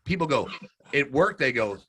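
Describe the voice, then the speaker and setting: Bright-voiced storytelling podcast host man. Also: medium pitch, moderate pace. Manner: animated, laughs through his stories. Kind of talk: casual storytelling chat.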